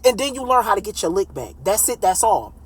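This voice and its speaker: Husky-voiced woman telling a blunt story. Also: mid-range voice, a little fast, poor audio. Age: late 30s. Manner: blunt, animated, swears freely. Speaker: mother telling a personal story. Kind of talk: casual storytelling monologue.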